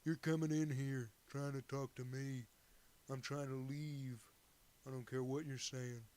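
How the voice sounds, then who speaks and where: A man's voice: mid-range voice, flat delivery, dark tone, lightly acted. A man doing a drawling cartoon cowboy. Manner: slow drawl, deliberately bad impression. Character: drawling laid-back male cowboy.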